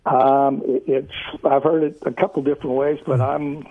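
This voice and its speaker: A man's voice: mid-range voice, little pitch movement, moderate pace, no echo. A man in his sixties, a food company founder, talking earnestly as an interview guest with many fillers. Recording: dry tinny phone-like line.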